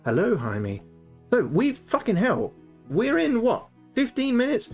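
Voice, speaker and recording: A man livestreaming a gamebook playthrough, reading aloud and chatting in an animated, joking way, swearing freely. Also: extremely high pitch, measured pace. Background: faint background music.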